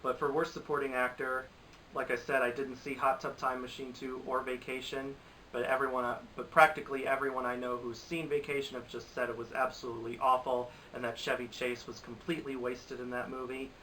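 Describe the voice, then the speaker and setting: Bright-voiced exasperated young man reviewing movies. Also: mid-range voice, little pitch movement, brisk, recorded from a distance, slight background noise, low-quality recording. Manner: rambling, exasperated, restarts a lot. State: recovering from a cold. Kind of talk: casual commentary to camera.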